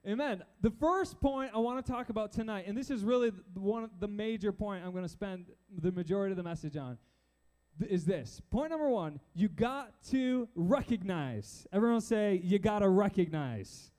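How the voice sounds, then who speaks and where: A man preaching a casual sermon to a youth crowd in a church with a balcony, animated and chatty as he acts out Bible figures. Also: high voice, a little fast. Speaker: youth pastor.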